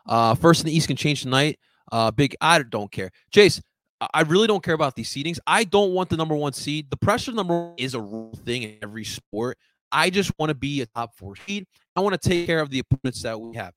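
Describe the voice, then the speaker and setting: Young male sports-stream host, fired up and profane, slightly high voice. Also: brisk, dry recording. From first-generation American. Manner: excitable, swearing, fired up. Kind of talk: livestream sports talk.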